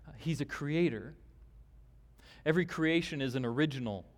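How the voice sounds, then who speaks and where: A man preaching a sermon as pastor, deliberate and emphatic, with long pauses. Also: a little high. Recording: long hall reverb.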